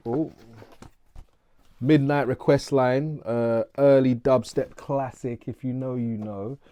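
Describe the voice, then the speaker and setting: A man's voice: medium pitch, steady tone, unhurried, warm tone. Playful London man in his thirties. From England. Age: 30s. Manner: playful, self-mocking, restarts takes. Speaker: vlogger and music producer. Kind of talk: casual channel intro.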